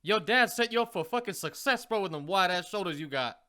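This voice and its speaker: Fast-talking bright-voiced man. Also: high-pitched, animated. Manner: blunt, swears, quick reactions. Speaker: podcast co-host. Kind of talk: casual chat.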